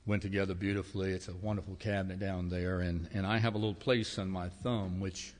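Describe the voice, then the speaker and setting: A man preaching in a church, telling homespun stories with gentle humor. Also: low voice, flat delivery, a little fast, big-room sound. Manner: folksy storytelling with humor. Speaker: pastor. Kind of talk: sermon. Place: church sanctuary.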